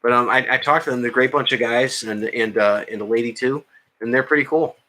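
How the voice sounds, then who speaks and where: Bright-voiced man rambling about movies. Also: mid-range voice, fast talker, slight background noise. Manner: rambling, many fillers and restarts. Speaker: podcast co-host. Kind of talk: casual chat about movies.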